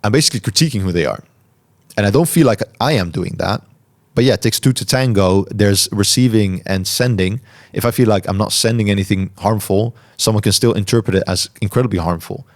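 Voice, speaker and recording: A man hosting a podcast, answering listener questions in a calm, reflective way and articulating each word carefully. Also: on the low side, brisk. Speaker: podcast host. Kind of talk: solo Q&A talk.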